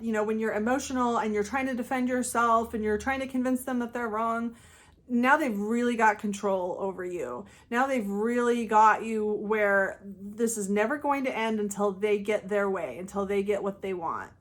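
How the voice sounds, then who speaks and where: A woman calmly and earnestly giving advice in a monologue, now and then acting out quoted pleas in a raised voice. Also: normal speed. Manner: calm, earnest, acts out quoted pleas in higher voice. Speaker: channel host giving advice.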